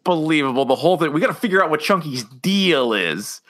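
Excitable man, lively bright voice. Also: fairly high pitch, quick pace. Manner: excited, laughs often, acts out quotes. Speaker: podcast co-host. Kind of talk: casual comedy chat.

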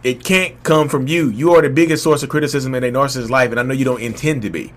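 A man speaks in a candid, unscripted monologue. He rambles and restarts, and his voice climbs loud when he gets heated. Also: mid-range voice, steady tone, fast talker. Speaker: vlog host speaking on his own experience.

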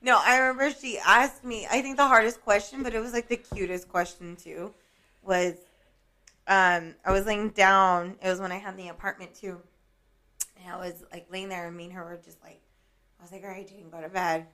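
A woman's voice: medium pitch, steady tone, moderate pace, sharp tone. A young woman co-hosting a podcast in casual chat, telling a story loosely with lots of filler words and the odd swear. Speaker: podcast co-host.

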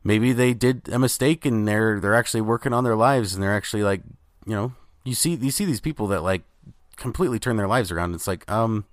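Low-ish laid back dude, stumbles over words, dry mic. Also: male voice, brisk, no room sound. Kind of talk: casual chat.

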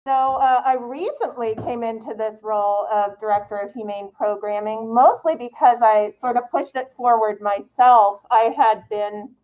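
A woman guest on a podcast interview, explaining her work in a confident, measured way. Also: fairly high pitch, narrow, tinny audio. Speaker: guest, animal welfare director. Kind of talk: interview answers.

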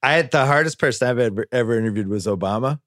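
A man's voice: mid-range voice, rapid-fire, a bit bright, dry recording, studio quality. A man, a podcast host in casual chat who is enthusiastic and opinionated.

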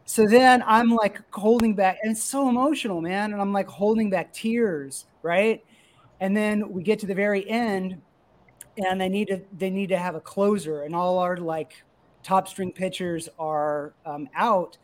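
A middle-aged man, a comic creator and youth baseball coach, telling an excited, emotional story in casual chat. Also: sits high, a little slow, slight background noise.

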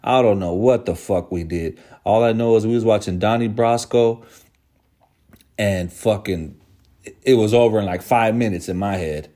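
A man's voice: fairly low pitch, normal speed, mellow. A man telling a story from his own life in a rambling, slangy way, swearing constantly. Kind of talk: casual storytelling monologue.

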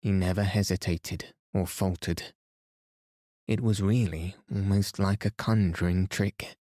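A man reading a story aloud as a calm bedtime podcast host, soothing and even. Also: deep voice, measured pace, no echo, clean studio sound.

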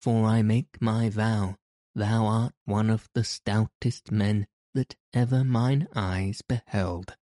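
A jovial outlaw chief with a laugh in his words and archaic speech, as a male storyteller reads him. Low, mellow and unhurried, in a dry, close recording. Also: fairly even intonation, dry recording. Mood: hearty. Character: Robin Hood, merry bold male outlaw leader. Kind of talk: audiobook character reading.

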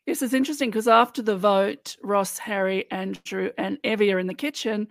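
A woman's voice: medium pitch, steady tone, fairly quick, no room sound. A woman co-hosting a podcast, chatting and recapping scenes with amusement. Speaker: podcast co-host. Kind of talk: casual podcast chat.

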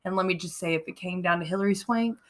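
An American woman co-hosting a podcast, chatting casually and reading out trivia with animated emphasis and frequent laughter. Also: lowish voice, quick pace. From United States. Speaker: podcast co-host.

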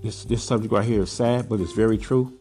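A man's voice: on the low side, steady tone, a little fast, mellow, faint music behind. A man from Southern California hosting a podcast, giving a blunt, preachy monologue full of rhetorical questions. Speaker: podcast host, pigeon breeder. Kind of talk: casual monologue.

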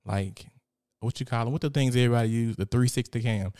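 A young man hosts a casual live stream, talking in an animated, profane way and reading out viewer comments. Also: mid-range voice, fast, clean tone. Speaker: host.

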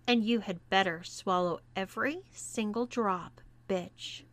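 A woman voicing a stern young woman who gives firm orders, at a slow pace. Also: medium pitch, fairly bright tone, natural voice. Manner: stern, commanding.

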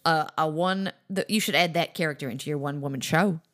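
A woman's voice: low voice, fast, fairly bright tone. Blunt, teasing Australian woman. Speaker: guest playing an actress character. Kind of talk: improvised comedy interview.

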